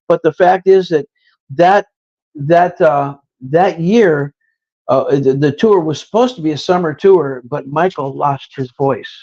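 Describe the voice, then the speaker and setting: An older man with a high-set voice tells stories in a loose, rambling way. He often stumbles and repeats himself as he talks. The recording sounds dull and muffled. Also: a little slow, darkish tone. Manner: repeats words, restarts often. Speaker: guest musician. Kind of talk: casual storytelling.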